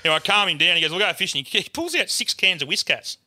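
A man's voice: sits high, sing-song, racing, pushed and bright, no echo, studio quality. An Australian man telling a rowdy story in casual chat, swearing freely and acting out the voices of the people in it. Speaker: guest.

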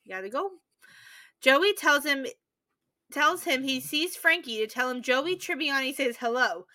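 High, bright-voiced giggly woman. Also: animated, a little slow. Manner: giggly, laughs often while narrating. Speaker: podcast co-host. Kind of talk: casual chat recapping a sitcom episode.

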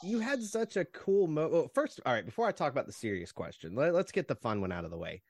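A man's voice: a little high, sing-song, quick pace, dry recording. A man hosting a podcast interview, asking questions in a laid-back, conversational way. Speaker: podcast host. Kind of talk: casual interview. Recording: dry close sound.

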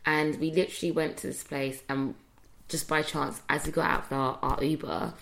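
A woman's voice: low voice, little pitch movement, moderate pace, gravelly, a bit bright. A young woman, co-hosting a podcast in casual, chatty talk full of fillers and restarts. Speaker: podcast co-host. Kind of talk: casual chat.

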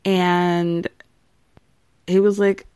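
A woman's voice: lowish voice, flat delivery, drawn-out words, a little mellow, clean tone, no echo. A woman podcast host chatting casually, laughing often and tossing in blunt asides. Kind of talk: casual recap chat.

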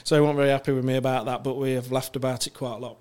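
A man's voice: medium pitch, little pitch movement, racing, darkish tone, clean tone. A man, a podcast guest telling rambling anecdotes with many fillers and restarts. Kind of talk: casual chat, telling anecdotes.

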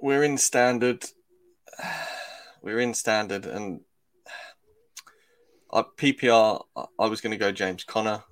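A laid-back British man with a fairly low voice, co-hosting a fantasy football show. He chats casually with a dry, joking manner and often trails off softly. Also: slow, long pauses. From Britain. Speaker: fantasy football podcast co-host. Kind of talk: casual sports chat.

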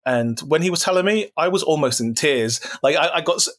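A man's voice: fairly high pitch, animated, brisk, a bit bright. A man talking as a podcast guest in casual chat, enthusiastic and rambling, with lots of restarts and repeated words. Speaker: podcast guest, horror writer and producer.

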